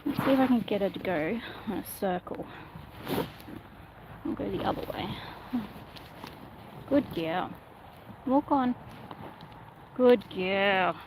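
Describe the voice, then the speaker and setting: A woman livestreaming casually while she trains her miniature horse outdoors, speaking in a soft, coaxing way to the animal. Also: medium pitch, animated, takes it slowly, pauses often. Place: outdoors in a paddock. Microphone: phone camera held in one hand. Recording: noisy outdoor phone recording.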